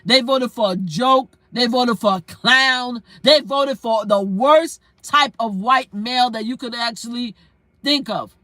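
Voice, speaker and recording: A woman's voice: fairly high pitch, a little slow, pushed and bright, dry recording. A woman live-streaming from inside her car, delivering a heated rant in a blunt, emphatic way and hammering her points with repetition.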